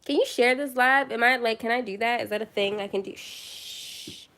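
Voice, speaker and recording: A woman's voice: fairly high pitch, quick pace, fairly bright tone. A young woman chatting casually on her first phone livestream, tired late at night, rambling and self-deprecating.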